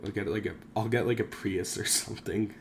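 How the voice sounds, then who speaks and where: A man's voice: on the low side, fairly even intonation, brisk, gravelly, slight background noise. A young man rambling casually to camera, swearing often, drifting off topic and poking fun at himself. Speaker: YouTuber.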